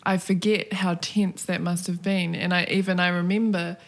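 Relaxed New woman interviewer. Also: lowish voice, moderate pace. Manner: relaxed, asks open questions, laughs along. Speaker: podcast host, interviewer. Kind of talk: casual interview.

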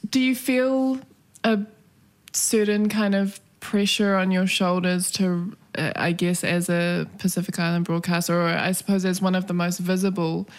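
A woman's voice: fairly low pitch, flat delivery, normal speed. A woman hosting a casual interview, asking open questions and laughing along with her guest. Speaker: podcast host, interviewer.

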